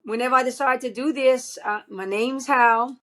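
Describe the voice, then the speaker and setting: Woman, 40s, thick Cajun accent, high voice, casual guest chat. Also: normal speed. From South Louisiana. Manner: lively storyteller with a thick drawl.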